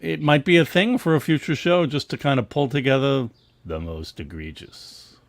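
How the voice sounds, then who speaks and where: A man's voice: medium pitch, normal speed, no echo. A middle-aged man co-hosting a casual livestream about comic art, rambling with many restarts and laughing often. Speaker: co-host of a comics history show.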